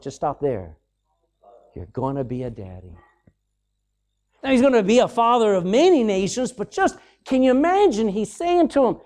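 A man preaching a sermon with an animated, swinging delivery. His pitch rises and falls in lively arcs as he reads scripture and comments on it. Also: normal speed. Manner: animated, reads scripture aloud with sudden loud and soft swings.

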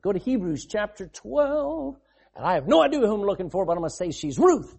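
A male preacher delivers a sermon in a lively, conversational manner, talking straight to his listeners. His voice is husky and mellow. His pitch swings widely as he speaks. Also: moderate pace. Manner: animated, conversational preaching with asides and laughs.

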